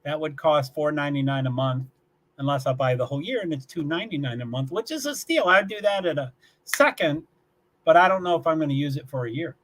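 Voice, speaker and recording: A man's voice: fairly high pitch, lively intonation, a little fast. Rambling man from Kentucky chatting on a livestream. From Louisville, Kentucky. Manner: rambling, repeats words and restarts, chuckles often. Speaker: livestream host reading chat. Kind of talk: casual livestream chat. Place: small one-bedroom apartment.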